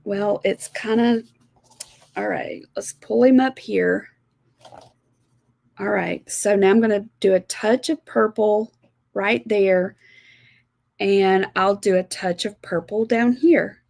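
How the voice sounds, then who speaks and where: A Southern American woman from South Alabama demonstrates watercolor painting live, talking her viewers through each step. Her delivery is slow and unhurried, chatty and homey. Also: medium pitch, steady tone, vocal fry, darkish tone, dry recording. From South Alabama, USA. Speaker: art instructor.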